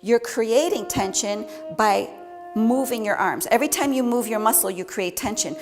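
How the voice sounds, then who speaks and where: A woman instructor calmly guiding breathing, posture and stretching exercises as she demonstrates them. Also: a little high, moderate pace. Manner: calm, encouraging cues, demonstrating while moving. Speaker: tantric practice instructor. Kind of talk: guided movement and breathing instruction. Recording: long hall reverb with clear background music.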